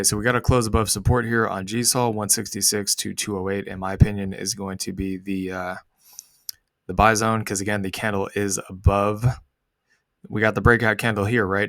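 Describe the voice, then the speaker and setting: A man with a lowish voice talks through charts in a relaxed, slangy way. He throws in the odd "dude" and sarcastic aside. The sound is close and dry, with no room around it. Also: no echo. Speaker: host. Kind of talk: casual market commentary over charts.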